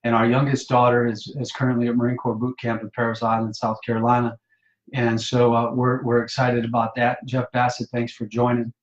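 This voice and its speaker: A man from Michigan tells a personal testimony in a casual, halting way, with many fillers and restarts, and keeps his pitch flat and even. The live-stream audio is dull and roomy, with echo around his voice. He speaks as a pastor addressing his viewers. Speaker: pastor and Marine veteran. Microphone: phone or webcam for a live stream.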